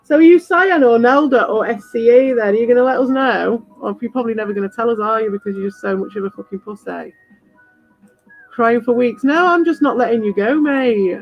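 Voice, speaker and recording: A woman with a fairly high voice rambles on a livestream, blunt, sweary and confrontational toward her chat. The sound is dull and lo-fi. Faint music plays underneath. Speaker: livestream host. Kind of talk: rambling live chat to viewers.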